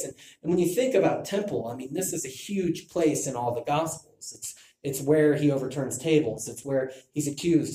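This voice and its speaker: Male Bible teacher, mellow tone, restarts often, roomy echo. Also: medium pitch. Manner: thinking aloud with restarts. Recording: echoey room.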